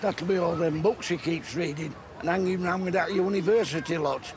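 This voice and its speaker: An actor with a Sheffield accent playing a blunt, crude, middle-aged dad who swears freely in a sitcom. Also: male voice, on the high side, normal speed, noisy background, lightly acted. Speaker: father. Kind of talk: sitcom acting.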